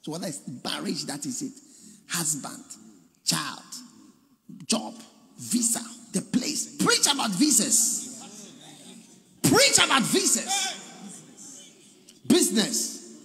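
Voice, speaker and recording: A man with a Ghanaian accent preaching a sermon, dropping to low murmurs and then bursting into shouted lines. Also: wildly swooping pitch, slow, soft background music. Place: large seminar hall. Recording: echoey hall reverb.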